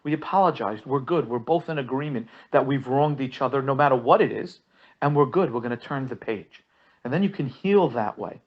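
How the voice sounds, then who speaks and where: A rabbi teaching a marriage course speaks in a mid-range, animated, brisk voice, and the recording's highs are cut off. He tells examples throughout the lesson, often repeating his opening words as he starts sentences and acting out quotes.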